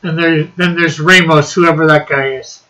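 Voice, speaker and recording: A man's voice: on the high side, fairly even intonation, normal speed, sharp tone, rough recording. A man hosting a casual livestream chat, reading the chat aloud and laughing often. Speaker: livestream host.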